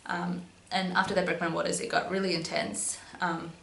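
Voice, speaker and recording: A woman's voice: lowish voice, level tone, moderate pace, gravelly, fairly bright tone. A young woman telling a personal story in a casual, chatty way, with lots of "um"s and "but yeah"s. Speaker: vlogger. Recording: echoey room with faint hum.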